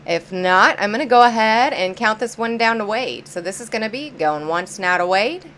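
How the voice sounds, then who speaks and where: A woman's voice: mid-range voice, animated, normal speed, fairly bright tone, a little hiss or hum. Upbeat woman calling a live coin auction. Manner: upbeat, chatty, greets viewers by name.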